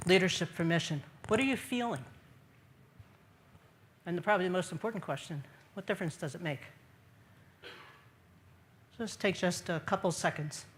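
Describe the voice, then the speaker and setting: A woman's voice: on the low side, moderate pace, long pauses, a little hiss or hum. A woman giving an earnest faith talk to a gathered audience in a large room, repeating key phrases and putting questions to her listeners. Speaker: speaker at a church gathering.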